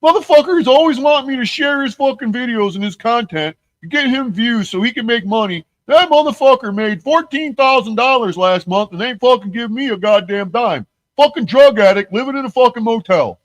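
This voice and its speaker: A shrill, furious man rants and curses bitterly about someone who never shares his money, as a man puts him on in a story. The voice jumps far above the teller's own register and stays sharp and loud, close on a dry, deadened mic. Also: lively intonation, moderate pace, hardly any pauses, no echo. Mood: angry rant. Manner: shouting, profane, bitter. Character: furious foul-mouthed man ranting about a rival.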